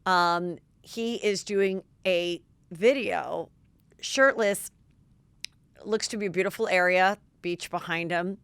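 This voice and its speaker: A middle-aged woman hosting a podcast, telling gossipy stories in a lively, chatty way. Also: fairly low pitch, smooth, no room sound. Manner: gossipy, animated, quick asides. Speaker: podcast host. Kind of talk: casual chat.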